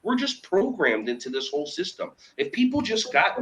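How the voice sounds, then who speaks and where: A man, a children's yoga teacher, talking as a guest in an animated conversational way, acting out quoted dialogue with emphasis. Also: on the high side, a little fast, poor audio.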